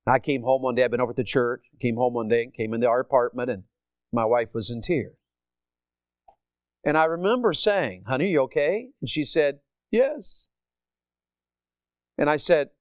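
A man preaching a sermon to a congregation, asking it questions and moving between loud emphatic points and quiet storytelling. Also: mid-range voice, a little fast, smooth, dry recording, studio quality. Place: church or school hall with a congregation.

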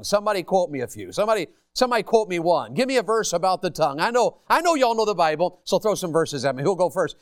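A middle-aged man leads an interactive sermon in a church hall. His voice sits high and swings widely from line to line. He teases and calls on his listeners in a folksy way, and the sound is close and dry. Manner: calls on the audience, folksy and teasing. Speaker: preacher.

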